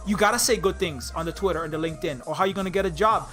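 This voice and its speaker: A man's voice: sits high, racing, hardly any pauses, fairly bright tone, soft background music. A man from Hawaii, ranting angrily and sarcastically, with lots of swearing, in a casual vlog. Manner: angry profane ranting, sarcastic. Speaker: indie game developer. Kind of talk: casual rant.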